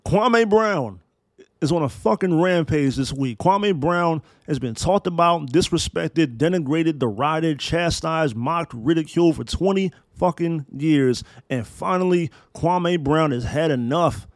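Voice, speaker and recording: A man's voice: a little high, measured pace, few pauses, no room sound. A man in his thirties hosting a solo podcast, talking in emphatic, profane, preacher-like build-ups. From Maryland, US. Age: 30s. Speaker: podcast host.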